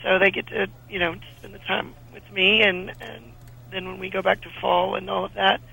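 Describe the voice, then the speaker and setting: A woman in her thirties talks as a radio guest, animated and quick to restart her sentences. Her voice is husky and very bright, with a little gravel and a high pitch. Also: poor audio. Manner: chatty, animated, frequent restarts. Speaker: actress guest. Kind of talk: casual radio interview chat.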